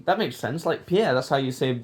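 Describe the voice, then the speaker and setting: A young man from England hosts a casual podcast chat. He jokes and teases his co-host and laughs a lot. His voice sits at a middle pitch. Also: animated, a little fast. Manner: joking, teasing, laughs often.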